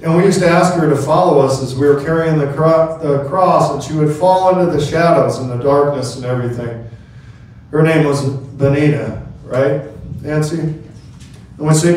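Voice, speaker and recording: A man's voice: fairly high pitch, moderate pace, a little mellow, slight background noise. A middle-aged male pastor preaching a sermon, telling stories and calling out amen to the congregation. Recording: very echoey hall, mic from a distance.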